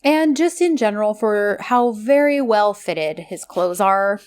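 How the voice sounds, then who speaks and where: A woman's voice: mid-range voice, a little slow, smooth. Chatty woman retelling scenes. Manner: animated, acts out characters' lines while retelling. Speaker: podcast co-host recapping a TV drama. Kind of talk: casual chat.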